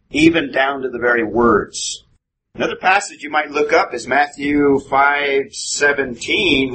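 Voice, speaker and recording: A man's voice: mid-range voice, fairly bright tone. A man teaching a Bible class in a methodical, explanatory way, often putting questions to his students. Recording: noisy room recording.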